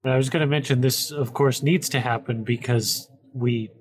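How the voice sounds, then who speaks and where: A man's voice: mid-range voice, steady tone, moderate pace. A man co-hosting a gaming podcast in casual chat, hesitant, with false starts. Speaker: podcast co-host.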